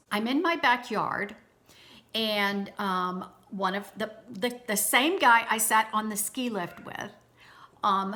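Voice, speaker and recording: Bright-voiced woman telling a story. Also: on the high side. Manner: chatty, animated retelling with many restarts; addresses viewers directly. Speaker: vlogger. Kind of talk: storytime, personal anecdote.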